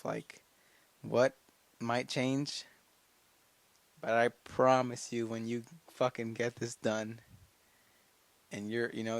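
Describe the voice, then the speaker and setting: A teenage guy talks straight into his solo podcast, pumping himself up with blunt, profane encouragement. He circles back on the same phrases over and over, mid-pitched and unpolished. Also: no room sound. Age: late teens. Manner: fired-up self-talk, heavy swearing, repeats phrases. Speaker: podcast host. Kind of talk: casual solo motivational podcast monologue.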